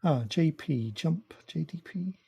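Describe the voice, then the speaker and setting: A man muttering quietly to himself as he chats casually on a live stream, talking through a build. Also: on the high side, animated, unhurried, vocal fry, husky, no room sound. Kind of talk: casual live-stream chat while working.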